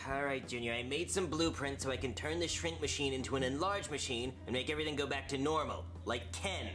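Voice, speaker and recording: A man's voice: medium pitch, brisk, close to an everyday voice. A man voicing an exasperated, nerdy teenage boy puppet in a comedy show, whiny and sarcastic. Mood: weary. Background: music.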